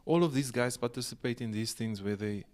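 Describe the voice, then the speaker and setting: A man's voice: medium pitch, a little fast, a little mellow. A man in a casual podcast chat, earnest and rambling, with lots of "like" and "uh".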